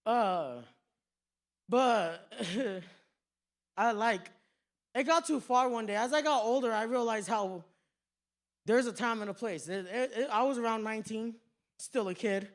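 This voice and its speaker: High-voiced man telling profane stand-up stories. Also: a little slow, long pauses. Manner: profane, animated storytelling. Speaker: stand-up comedian. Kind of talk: stand-up comedy set. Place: comedy club stage.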